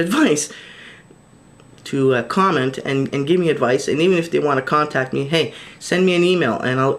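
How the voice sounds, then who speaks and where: A man recording a video diary straight to camera, talking in an earnest, pleading way, full of restarts and fillers. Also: on the high side. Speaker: vlogger.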